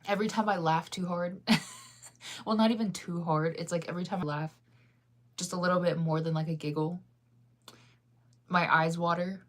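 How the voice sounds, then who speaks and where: A woman's voice: on the low side, fairly even intonation, normal speed, long pauses. A sleepy, yawning woman hosting a casual livestream, chatting in a rambling, giggly way as she answers viewers' comments. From United States. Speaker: livestream host.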